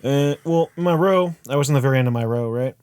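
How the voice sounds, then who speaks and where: A young man co-hosting a casual podcast, telling a crude story with lots of swearing and animated retellings. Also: medium pitch, quick pace, smooth, dry recording. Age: young adult. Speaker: podcast co-host. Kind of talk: casual chat.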